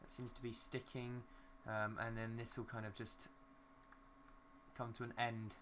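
A man's voice: medium pitch, level tone, a little slow, noisy background. A young man giving casual, rambling commentary while building in a city game, talking to himself and swearing mildly at glitches. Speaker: gaming YouTuber.

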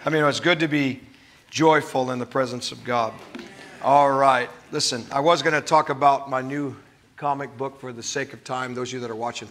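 A man's voice: medium pitch, fairly bright tone, a little hiss or hum. A man preaching a sermon as a pastor, emphatic and stretching key words.

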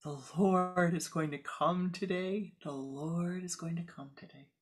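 A woman voicing a devout young female swami in a spoken parable, talking in an earnest, soft voice. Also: low-pitched, steady tone, moderate pace, natural voice. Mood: eager.

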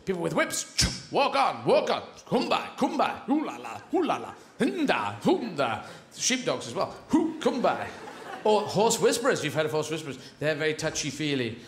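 A man's voice: on the high side, huge pitch swings, moderate pace. A man doing a stand-up comedy routine on a live stage, rambling playfully and slipping into silly voices and sound effects. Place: live theatre stage with audience. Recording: roomy live stage recording.

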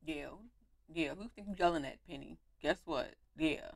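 A young woman giving animated, slangy commentary while playing a life-sim game on her home mic. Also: low voice, moderate pace, vocal fry, no room sound. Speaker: gaming YouTuber. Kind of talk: let's play commentary.

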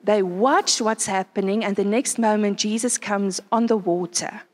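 A woman preaching at a conference in an animated way, often asking her listeners rhetorical questions. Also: mid-range voice, normal speed, long reverb tail. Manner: animated, asks the crowd frequent rhetorical questions. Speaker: conference speaker. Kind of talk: sermon. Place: conference venue.

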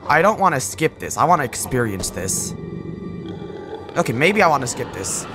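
A gamer giving rambling, excitable let's-play commentary, swinging between loud outbursts and mumbled asides. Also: mid-range voice, moderate pace. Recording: voice over game music.

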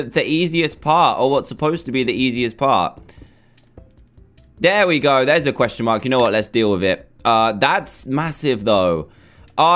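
Flustered gaming commentator. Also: male voice, mid-range voice, fairly bright tone. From England. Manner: chatty, flustered, talks himself through building. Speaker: gaming YouTuber. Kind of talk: gameplay commentary.

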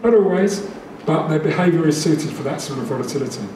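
A man presenting to a meeting in a chatty, lively way, laughing now and then. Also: a little high, quick pace. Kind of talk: talk to a room. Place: meeting room. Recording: echoey room, distant mic, noise.

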